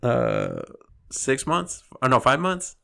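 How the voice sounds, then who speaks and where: A man's voice: medium pitch, wildly swooping pitch, slow pace, gravelly, a bit bright. A man co-hosting a podcast in casual chat, teasing his partner and calling him "fool.". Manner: teasing, calls people "fool". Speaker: podcast co-host.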